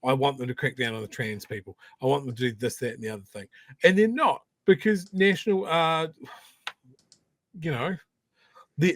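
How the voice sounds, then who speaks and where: Animated New Zealand co-host who swears. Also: male voice, medium pitch, no room sound. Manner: animated, swears, stumbling restarts. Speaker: podcast co-host. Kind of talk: casual political chat.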